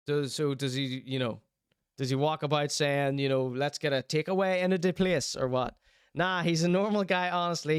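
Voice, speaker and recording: A young Irish man hosts a live-streamed chat show, riffing and teasing viewers in loose, jokey banter. His voice sits a little high and comes through smooth and clear. The sound is close and dry. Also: no echo. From Ireland. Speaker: livestream host.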